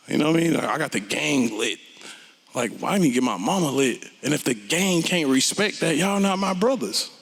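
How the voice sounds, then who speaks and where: A man, a rapper telling his story onstage in a blunt, profane and animated way. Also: fairly high pitch, a little fast, vocal fry, long reverb tail. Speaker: interview guest, rapper. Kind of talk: candid onstage conversation.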